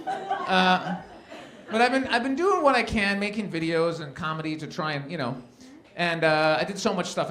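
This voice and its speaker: A man doing a stand-up comedy set at a live event, telling stories and acting out the people in them. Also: fairly high pitch. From Canada. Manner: animated storytelling, acts out quoted characters.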